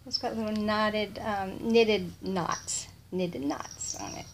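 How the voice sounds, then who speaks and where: A middle-aged woman, chatting softly and gushing, often in a whisper, while opening a gift box at home. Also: mid-range voice, slow pace, few pauses, slight background noise. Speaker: vlogger. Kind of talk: casual unboxing chat. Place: home, indoors.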